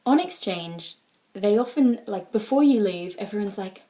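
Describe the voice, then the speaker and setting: A woman's voice: mid-range voice, animated, moderate pace, dark tone. A woman with an Australian accent talking casually to the camera in a personal vlog, rambling along with lots of "like" and "um". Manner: chatty, rambling, full of "like" and "um". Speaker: exchange student vlogger.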